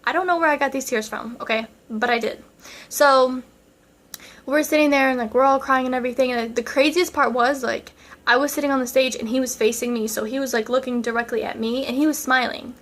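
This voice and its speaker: Chatty young woman with a high voice. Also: fairly even intonation, a little fast, a bit bright. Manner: chatty, dramatic, lots of fillers. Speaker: vlogger. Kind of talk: casual storytime.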